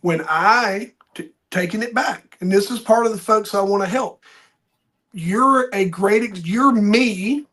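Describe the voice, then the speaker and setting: Male podcast host, high husky voice, animated storyteller. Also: a little slow. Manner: animated storyteller, acts out quoted people. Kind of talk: casual conversation.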